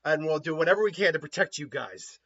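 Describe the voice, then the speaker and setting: Man as a determined young ninja, bright and sincere. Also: fairly high pitch, lively intonation, fast talker, muffled recording. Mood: resolute. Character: loyal young male ninja, earnest and determined.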